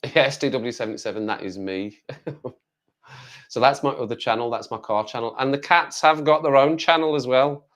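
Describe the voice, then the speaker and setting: A livestreamer from the West Midlands, England, rambles casually in a Black Country accent while answering viewer comments. His voice is medium-pitched, a bit bright, at normal speed.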